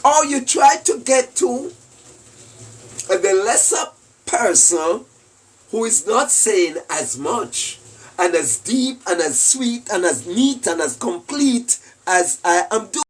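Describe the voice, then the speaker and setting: Jamaican man, self-styled preacher, slow, husky, mocking, heard a bit off-mic. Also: high voice, expressive, distant mic. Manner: rhetorical questions, mocking laughter, preachy. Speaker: self-styled spiritual commentator. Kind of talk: rambling monologue.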